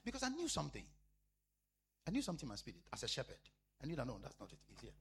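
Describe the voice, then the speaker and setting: A man preaching a sermon as a pastor, repeating phrases emphatically and swinging between loud declarations and hushed asides. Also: mid-range voice, huge pitch swings, rapid-fire, gravelly, long pauses, slight background noise.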